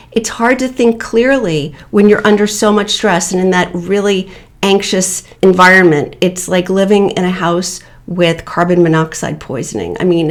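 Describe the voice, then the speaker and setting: A woman giving calm, measured advice as a divorce coach in an online video, with deliberate pauses. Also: on the low side.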